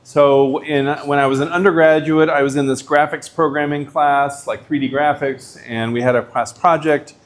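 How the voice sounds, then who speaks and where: A man's voice: fairly high pitch, steady tone, normal speed, hardly any pauses. A middle-aged man, a professor, giving a lecture in a casual, chatty way, full of likes and you-knows.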